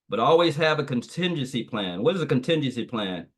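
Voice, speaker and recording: A man delivers a motivational training talk over a video call, in a preachy style that keeps repeating the same phrases. His voice sits at an ordinary middle pitch. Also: very animated, normal speed, few pauses. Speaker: guest trainer.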